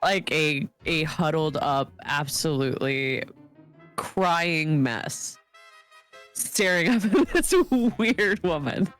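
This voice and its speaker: Woman player, slow and halting, faint music under. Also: low voice, fairly bright tone. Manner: hesitant, stammering. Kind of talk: playing a tabletop game.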